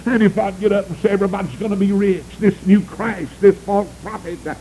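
A man preaching a revival sermon, breaking into sudden high shouted cries and saying "uh" before nearly every phrase. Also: fairly even intonation, fairly quick, a little hiss or hum, rough recording.

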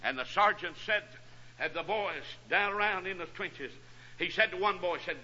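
A preacher delivers a fiery revival sermon, chopping his phrases with "uh" and building into shouts. His voice is high, very bright and husky. The whole thing sounds like a dull, lo-fi radio broadcast. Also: moderate pace. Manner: punctuates phrases with "uh", rising to shouts.

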